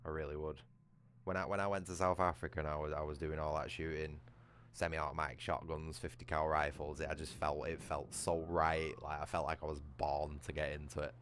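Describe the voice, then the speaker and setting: A man's voice: rumbling low, level tone, fairly quick, a bit bright, slight background noise. A British man chatting casually on a livestream, ranting with heavy swearing. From United Kingdom. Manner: profane, ranting.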